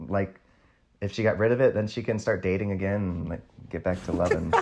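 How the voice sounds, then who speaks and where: Man, lowish voice, podcast co-host, rambling, hesitant. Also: a little fast, gravelly, darkish tone. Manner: hesitant, rambling with fillers and laughs. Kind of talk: casual movie review chat.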